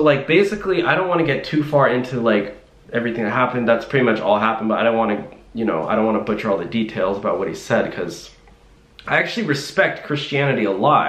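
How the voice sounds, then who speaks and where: A young man tells a story to camera in a loose, rambling way, stumbling over restarts and fillers. His voice sits at an ordinary middle pitch. The recording is roomy and echoey. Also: a bit bright. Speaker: vlogger. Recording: roomy echo.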